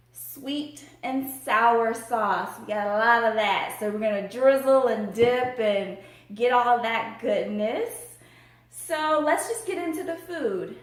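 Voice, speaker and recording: Bubbly woman vlogging a meal. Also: fairly high pitch. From Tampa, Florida area. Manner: bubbly, excited, chatty between bites. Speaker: mukbang vlogger. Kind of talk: casual eating vlog. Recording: echoey room.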